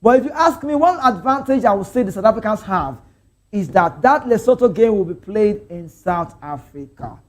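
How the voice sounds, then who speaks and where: A young man with a Nigerian accent, his voice sitting high for a man. He hosts a casual live football talk show in a chatty, loose way, reading out viewer comments and slipping into pidgin. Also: moderate pace. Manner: chatty, animated, drifts into pidgin. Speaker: sports show host.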